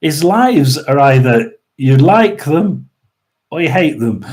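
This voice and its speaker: A man hosting a tarot and paranormal live stream, chatting casually, rambling with lots of restarts and throat-clearing. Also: fairly high pitch, lively intonation, extremely slow. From United Kingdom.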